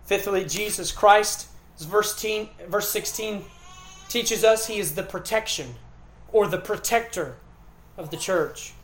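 A man preaching a sermon as pastor, earnest and emphatic, leaning on repetition and pauses. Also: high voice, fairly bright tone, reverberant.

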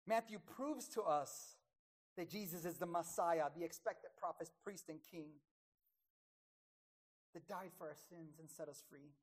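A woman preaching a sermon, emphatic, dropping to a hush and rising loud again, slowing down on key words. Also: lowish voice.

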